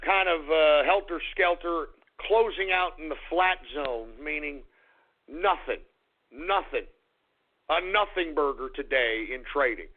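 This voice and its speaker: A man's voice: on the high side, measured pace. A male radio talk show host who rants bluntly and profanely, then reads market figures. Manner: angry, blunt, profane ranting. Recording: tinny phone-like radio audio.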